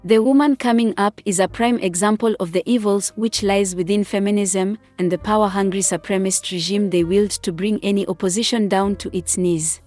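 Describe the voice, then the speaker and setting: A woman's voice: mid-range voice, fairly even intonation, fairly quick, hardly any pauses, darkish tone, faint music behind. A woman hosting a channel, reading scripted commentary in a stern, lecturing way. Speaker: channel host.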